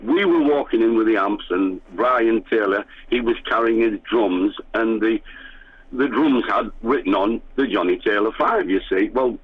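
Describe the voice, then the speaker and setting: A man's voice: on the low side, moderate pace, slightly rough. An older man from England, a former band musician, reminiscing in a radio interview, rambling with many fillers and restarts. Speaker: guest musician. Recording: tinny phone-line radio sound.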